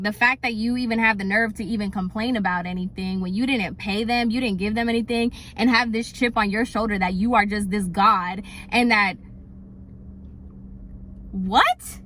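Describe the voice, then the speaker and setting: A young woman tells a storytime with exasperation, full of "like" as she rants. Her voice sits a little high and sounds bright and sharp. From Puerto Rican heritage. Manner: exasperated, animated retelling with frequent "like". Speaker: hairstylist and storytime vlogger. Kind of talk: casual storytime rant.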